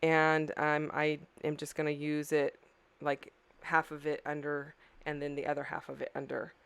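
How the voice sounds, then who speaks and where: A woman's voice: sits low, monotone, normal speed, gravelly, clear, resonant tone, no room sound. A middle-aged woman, tired, casually narrating her scrapbooking process as a craft channel host, rambling a little and correcting herself. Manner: rambling, self-correcting, apologetic.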